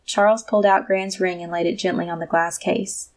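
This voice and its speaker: A woman reading a first-person novel aloud as an audiobook narrator, at a steady pace. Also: fairly low pitch, a little fast.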